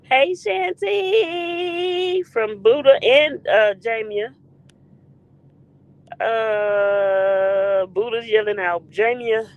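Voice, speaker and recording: A woman's voice: medium pitch, steady tone, drawn-out words, long pauses, a little mellow, no echo, muffled recording. A woman hosting a casual live stream, greeting viewers in the chat by name in a playful way.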